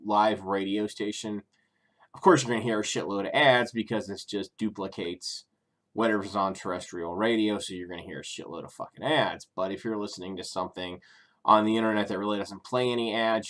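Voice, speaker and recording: Middle-aged guy for a casual vlog review, low-pitched, loose and sweary, stumbling through restarts. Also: fairly bright tone. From Cincinnati area, USA. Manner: rambling and profane, many ums and self-corrections. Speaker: YouTuber reviewing streaming services.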